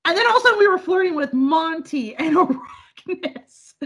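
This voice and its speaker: A woman from the northern US, chatting casually as a podcast co-host, loud, laughing often and swearing freely. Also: very high voice, animated, normal speed. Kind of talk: casual chat.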